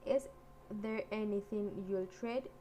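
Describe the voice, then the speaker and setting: A bossy male dog, read by a woman in a storybook tale, who boasts and demands. The delivery is slow and measured, with a faint hiss in the background. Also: medium pitch, steady tone, warm tone, close to an everyday voice.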